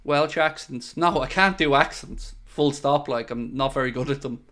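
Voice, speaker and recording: A man hosting a live football watchalong stream, chatting casually, answering viewer messages and bursting out loud when goals go in. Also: mid-range voice, normal speed. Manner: excitable, swings between chatty asides and loud bursts at goals. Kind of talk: live casual commentary and chat.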